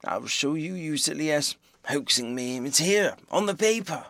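A man voicing an indignant old sailor who sputters in rough, colloquial talk. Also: fairly high pitch, expressive, normal speed, bright, forceful tone, no room sound, studio quality, full character voice. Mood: grumbling. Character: indignant seafaring man, blustering and quick to anger.

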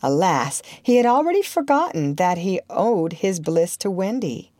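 A woman reading a children's storybook aloud with an expressive delivery. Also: lowish voice, normal speed, no echo, studio quality. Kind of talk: storybook narration.

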